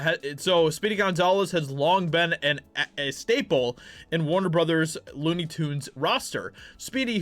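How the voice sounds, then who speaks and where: A man's voice: a little high, fairly bright tone, dry recording. A man in sarcastic, mock-outraged opinion commentary, reading news aloud and reacting. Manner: sarcastic, mock-outraged, with filler words and restarts. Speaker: commentary YouTuber.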